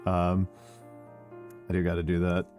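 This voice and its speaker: A man's voice: low voice, completely flat delivery, unhurried, darkish tone, faint music behind. A man hosting a stream, chatting casually and laughing often. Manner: laughs often, loose and joking. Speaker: streamer host.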